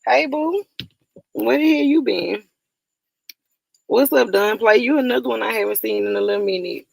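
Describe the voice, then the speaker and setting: A woman's voice: a little high, normal speed, vocal fry, no echo, poor audio. A woman hosting a casual livestream, greeting viewers by name, laughing often and swearing freely. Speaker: livestream host.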